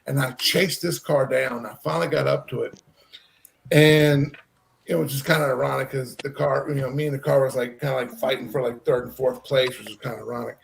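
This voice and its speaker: Rambling, gravelly-voiced man from Texas. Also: medium pitch, brisk. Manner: rambling, animated, many fillers. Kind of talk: casual storytelling.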